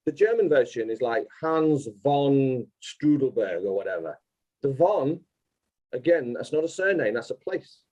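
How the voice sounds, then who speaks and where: Insistent man with a dark, husky voice. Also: medium pitch, very animated, measured pace, dull audio. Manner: insistent, explains step by step. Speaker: guest. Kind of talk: explanatory interview talk.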